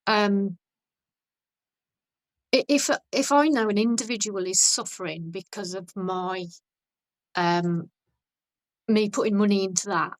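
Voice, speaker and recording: A woman guest on a podcast, chatting casually and telling stories in a blunt, animated way with frequent restarts. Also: medium pitch, slow pace, pauses often, no echo, poor audio. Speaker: podcast guest, vegan activist.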